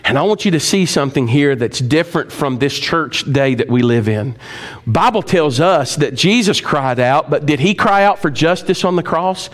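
A man's voice: expressive, moderate pace. Man preaching with rising passion. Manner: rises to loud, high emphatic preaching, then drops low and soft; speaks straight to the congregation with questions. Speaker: pastor. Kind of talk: sermon.

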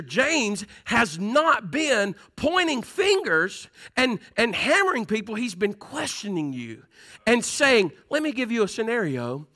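A man's voice: very high voice, very animated, unhurried, sharp tone. A man with a Southern accent preaching a sermon, folksy and conversational, asking the congregation "Amen?" between points. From Southern United States. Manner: folksy, call-and-response preaching with laughs and "Amen?". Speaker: pastor.

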